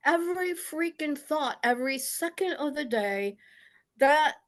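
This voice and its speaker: A woman on a video call sharing a personal story with an online study group, halting and full of restarts, acting out remembered scoldings. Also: sits high, animated, a bit bright.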